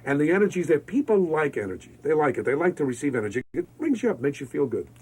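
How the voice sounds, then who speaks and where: A man, telling lively stories as a guest in an interview. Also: fairly high pitch, fast, slightly rough, poor audio. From Brooklyn, New York. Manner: energetic, exuberant storyteller. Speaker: radio disc jockey, guest. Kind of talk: interview conversation.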